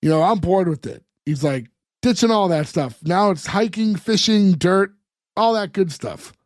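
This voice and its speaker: Male podcast co-host, slightly higher voice, retells scenes and plays out the dialogue, dry close sound. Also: expressive, normal speed, dry recording. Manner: retells scenes, acting out the characters' lines. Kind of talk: casual chat recapping a sitcom episode.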